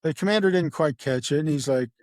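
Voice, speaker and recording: In a clean, echo-free studio recording, a middle-aged retired homicide detective casually recounts a case. He talks fast in a fairly high voice, rambling with plenty of fillers and acting out the quoted dialogue, true-crime style.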